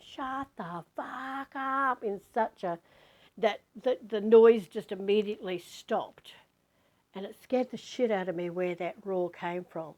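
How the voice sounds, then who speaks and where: A woman speaks in a fairly low voice as a spiritual teacher in a casual vlog. She tells her story with animated emphasis and repeats words to drive a point home. Her talk is blunt and peppered with casual swearing. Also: low-quality recording.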